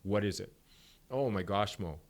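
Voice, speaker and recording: A middle-aged man, a sport psychologist guest on a podcast interview, explaining ideas through animated stories and acting out dialogue. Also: fairly low pitch, moderate pace.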